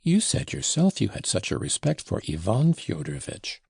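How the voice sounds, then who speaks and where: Audiobook: man doing an admiring, coaxing young woman, gravelly husky read. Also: medium pitch, huge pitch swings, moderate pace, darkish tone, dry recording, clean studio sound, pitched above the performer's own voice, heavily acted. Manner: insinuating, coaxing. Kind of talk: audiobook reading.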